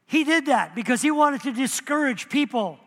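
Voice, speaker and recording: A man preaching a sermon as pastor, animated and acting out the voices he quotes. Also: very high voice, normal speed. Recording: long hall reverb.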